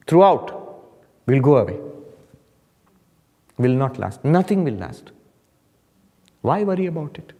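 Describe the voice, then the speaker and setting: With a fairly high, darkish voice, a monk tells funny stories at a meditation retreat, his emphasis building as he goes. The spiritual talk is recorded in a hall with a long reverb, and the audience can be heard laughing.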